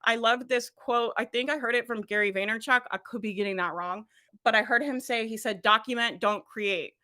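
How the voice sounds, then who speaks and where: A woman giving an energetic motivational coaching talk as a business coach, laughing often and addressing listeners directly. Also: fairly high pitch, brisk.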